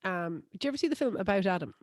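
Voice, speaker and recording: A woman with an Irish accent co-hosting a casual podcast, telling stories in an animated, laughing way. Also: medium pitch, rapid-fire, dry recording, clean studio sound. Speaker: podcast co-host. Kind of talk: casual chat.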